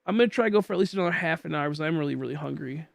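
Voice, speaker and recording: A young man from Michigan talks to his stream in a loose, rambling way, goofy and stuffed with filler words. His voice sits a bit high. The sound is dry and close. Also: racing, gravelly, no echo. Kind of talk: casual chat while gaming.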